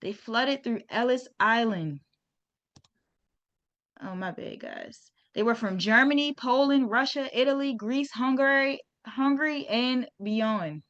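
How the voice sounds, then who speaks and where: A woman's voice: a little high, measured pace, fairly bright tone, lo-fi sound. A woman hosting a casual history talk for her viewers, informal and chatty, with slang and restarts. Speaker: host.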